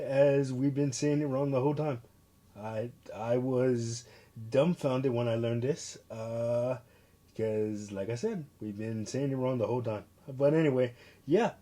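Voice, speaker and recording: A man with a mellow, dark-toned voice at an average pitch hosts his own retro game review show. He talks loosely and off the cuff, circling back on himself with fillers and restarts as he goes. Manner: rambling, with frequent fillers and restarts. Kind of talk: casual video review monologue.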